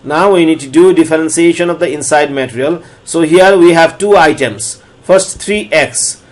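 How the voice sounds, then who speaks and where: Guy teaching calculus, kinda high voice, keeps repeating himself step by step. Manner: repeats steps slowly, restarts phrases. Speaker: lecturer. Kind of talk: recorded math lecture.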